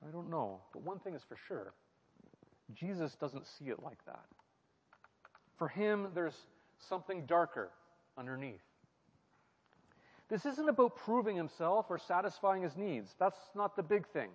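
In this sermon-style Bible teaching, a man's slightly high voice moves in a sing-song way, a little slow and with long pauses. Reflective in tone, he questions his listeners and comes back to key phrases as he works through the passage. Sound is muffled, with a long reverb like a hall.

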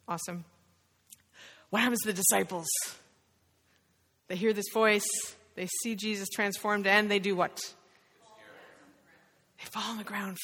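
A woman leading an interactive Bible lesson, quizzing the group with quick questions. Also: mid-range voice, fairly bright tone. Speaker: Bible study leader. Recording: reverberant hall.

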